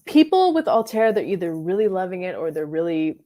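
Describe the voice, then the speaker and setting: A woman with a slightly low voice hosts a relaxed fragrance livestream. She chats loosely, greets viewers from the live chat and talks about perfumes in an easy, rambling way, full of little fillers. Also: fairly quick. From Florida. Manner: chatty, reads and answers live chat, frequent likes and ums.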